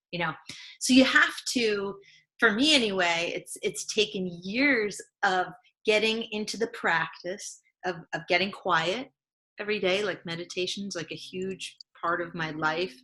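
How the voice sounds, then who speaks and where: A woman's voice: medium pitch, moderate pace, pushed and bright. A woman lifestyle coach, a podcast guest, talking earnestly and reflectively, acting out the voices in her head. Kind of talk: conversational interview.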